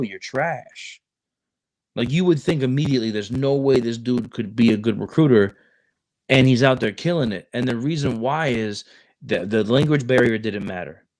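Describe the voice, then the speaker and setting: A man's voice: medium pitch, poor audio. A man who recruits for the Marines, chatting casually on a podcast and often restarting his sentences. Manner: animated, repeats words and restarts often. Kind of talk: casual chat.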